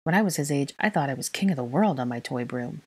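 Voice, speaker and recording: A woman reading a calm, gentle young father. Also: rumbling low, fast talker, breathy edge, heavily acted. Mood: reassuring. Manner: gentle and soothing.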